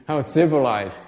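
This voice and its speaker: A man from Vietnam with a Vietnamese accent, a Buddhist monk teacher giving a casual, animated dharma talk, laughing often and repeating words as he goes. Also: on the high side. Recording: long hall reverb.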